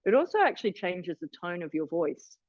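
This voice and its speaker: A woman's voice: fairly low pitch, very animated, a little fast, no echo, dull audio. A woman in her forties leading an online workshop, chatty and encouraging, with frequent restarts. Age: 40s. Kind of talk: online wellness workshop talk. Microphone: video call.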